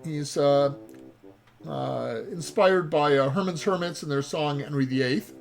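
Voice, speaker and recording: A man's voice: on the high side, measured pace, creaky, soft background music. A man who designed the game, giving let's play commentary while he plays it, rambling and full of ums and uhs. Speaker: game designer playing his own game.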